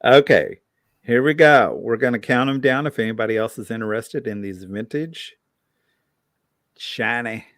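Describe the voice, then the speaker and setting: A man's voice: mid-range voice, moderate pace, fairly bright tone, no echo, studio quality. A man hosting a live online sale, chatting casually about vintage items in a tired morning voice.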